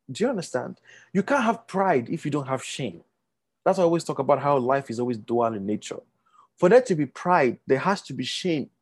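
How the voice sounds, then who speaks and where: Guy giving a pep talk to a crowd, voice a bit high, acts out what people say in a louder voice. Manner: checks in with listeners often, acts out quotes in a raised voice. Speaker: speaker addressing an audience. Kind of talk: motivational talk.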